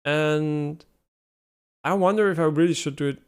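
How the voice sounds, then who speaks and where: A young man streaming live, giving casual gameplay commentary, excitable and swearing a lot as he talks to his chat. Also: on the high side, moderate pace, smooth.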